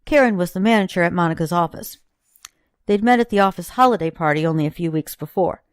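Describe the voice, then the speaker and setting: A woman narrating a novel chapter in a steady, even storytelling delivery. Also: fairly low pitch, fairly quick, clean tone, no room sound, clean studio sound. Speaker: audiobook narrator. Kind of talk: audiobook reading.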